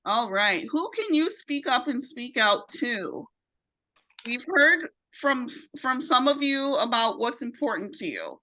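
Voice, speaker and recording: A woman runs an online workshop over a video call. Her voice sits a little high and rings bright and clear. She guides the group patiently, checking in often to keep everyone along. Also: big pitch swings, a little slow, poor audio. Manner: encouraging, checks in with "right?". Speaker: training facilitator. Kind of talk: virtual training lesson.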